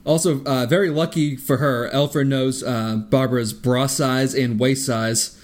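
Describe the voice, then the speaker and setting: A man's voice: mid-range voice, fairly even intonation, measured pace, a little hiss or hum. Sarcastic man in casual movie chat. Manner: sarcastic, laughing through jokes. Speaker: podcast co-host.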